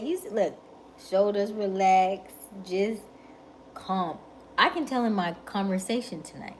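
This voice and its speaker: A woman in her late thirties hosting a livestream, talking with viewers in a calm, methodical, relaxed way. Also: medium pitch, a little hiss or hum. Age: 30s. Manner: calm, methodical, unhurried delivery. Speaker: livestream host.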